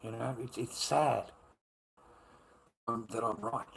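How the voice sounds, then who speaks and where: A man's voice: mid-range voice, fairly even intonation, takes it slowly, vocal fry, a bit bright, a little hiss or hum. A middle-aged man with an Australian accent, talking bluntly on his own livestream, swearing often, repeating himself and calling the viewer mate. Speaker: live streamer. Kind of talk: rambling casual livestream talk.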